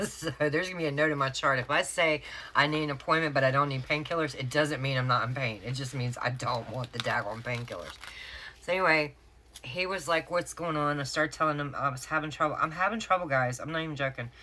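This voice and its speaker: Brief: middle-aged woman, unusually deep voice with a bright, forceful edge, chatty and candid vlog storytelling. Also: brisk. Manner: chatty, candid, addresses viewers as y'all. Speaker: planner sticker vlogger. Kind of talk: casual storytelling to viewers.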